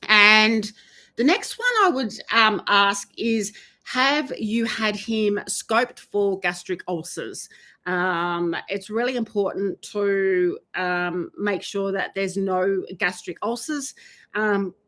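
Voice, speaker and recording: A woman horse trainer giving advice in a live Q&A, talking with many ums and pauses. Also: mid-range voice, pushed and bright. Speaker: horse trainer answering viewer questions. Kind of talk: live Q&A chat.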